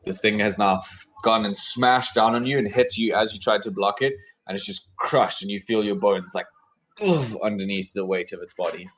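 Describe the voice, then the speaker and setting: A man narrating and running combat as game master, in a relaxed way with many fillers. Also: lowish voice, moderate pace, poor audio.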